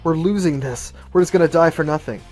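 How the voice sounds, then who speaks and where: A man's voice: on the high side, quick pace, darkish tone, soft background music, pitched above the performer's own voice, close to an everyday voice. Male mercenary under fire, urgent and pleading, read by a man. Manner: urgent, raised voice.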